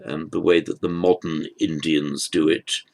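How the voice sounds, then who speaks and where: A man teaching Sanskrit grammar in an unhurried lecture, patient and halting, often restarting his phrases. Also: extremely low pitch, steady tone, creaky, darkish tone.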